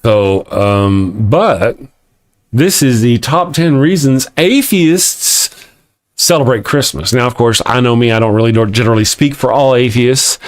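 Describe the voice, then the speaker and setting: A middle-aged man with a Texan accent and a mid-range voice hosts a live-stream morning show, sounding animated but keeping a measured pace. He rambles, mocks himself, laughs often, and reads comments from viewers.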